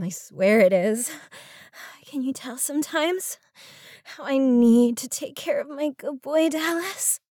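A woman with a high voice performs an intimate audio role-play, her words slow and lingering. She coaxes softly and affectionately, with sighs and drawn-out hums. The recording is close and dry, with no room sound. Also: slightly rough, no room sound. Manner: soft, coaxing and affectionate, with sighs and moans.

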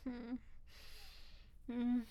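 Young woman, whispered role-play, breathy pleading murmur, takes her time. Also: fairly high pitch, completely flat delivery, extremely slow, muffled recording, slight background noise.

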